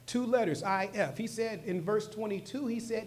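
Slangy preaching man, swinging from loud to soft. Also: high voice, normal speed. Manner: conversational, slangy, with short emphatic repeats. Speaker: pastor. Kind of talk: sermon.

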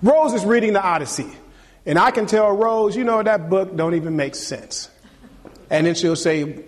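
A middle-aged man preaching a sermon as pastor, animated and teasing, calling on the congregation for amen. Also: high voice, moderate pace. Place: church sanctuary. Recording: long reverb of a hall.

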